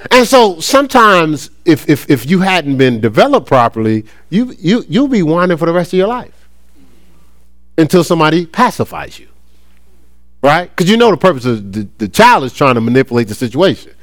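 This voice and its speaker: A middle-aged man preaching a sermon, lively and conversational, often acting out playful voices. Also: a little high, moderate pace, no echo. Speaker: pastor.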